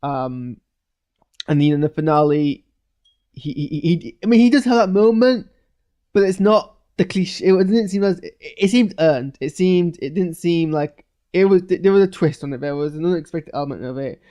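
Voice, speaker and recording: A man's voice: on the high side, lively intonation, normal speed, mellow. A man giving a rambling, casual live reaction to a show's finale, full of fillers and restarts. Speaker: show reviewer.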